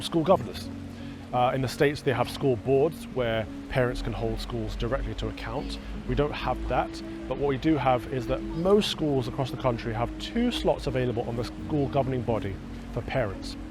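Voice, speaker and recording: A man presenting a documentary in a scripted, earnest and persuasive way. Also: mid-range voice. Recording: music bed beneath the voice.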